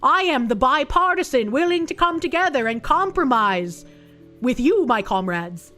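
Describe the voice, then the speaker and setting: Woman doing a fake Russian comrade, smug, poor accent, higher voice. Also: big pitch swings, normal speed, bright, forceful tone, faint music behind, full character voice. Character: mock Soviet comrade official, smug.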